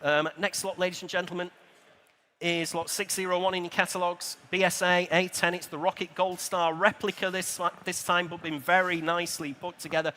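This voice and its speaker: A bright, high-voiced man calls bids at a live auction, keeping a brisk, rhythmic patter with friendly asides to bidders. His voice carries a long reverb from a large exhibition hall. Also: flat delivery. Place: motor show sale room.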